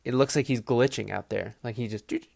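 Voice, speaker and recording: A man's voice: mid-range voice, fairly quick, vocal fry, dry recording, clean studio sound. A man hosting a football podcast in a loose, rambling way, swearing freely and acting out players' voices in his asides. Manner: rambling, profane, animated asides with quoted voices. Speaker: podcast host. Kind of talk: casual football commentary.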